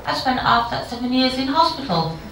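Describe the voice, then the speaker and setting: A woman's voice: sits high, expressive, brisk, fairly bright tone, a little hiss or hum. Emotional older woman speaking in an echoey hall. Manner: frank, emotional storytelling with wry humour. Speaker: keynote speaker. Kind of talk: personal conference speech. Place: conference hall. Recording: very echoey hall, far from the mic.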